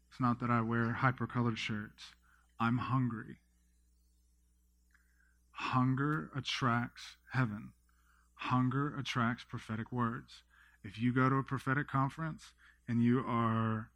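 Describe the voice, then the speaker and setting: A man in his thirties, a pastor preaching a sermon with lively storytelling, often acting out his own thoughts and others' words. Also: mid-range voice, dry recording. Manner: energetic storytelling, quotes himself and others.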